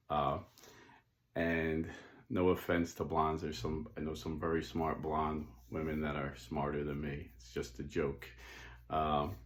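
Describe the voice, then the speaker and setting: A man hosting his own channel, talking casually to his supporters in an earnest, folksy, self-deprecating way, with many fillers and restarts. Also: low-pitched. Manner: earnest, folksy working-class talk. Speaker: channel host.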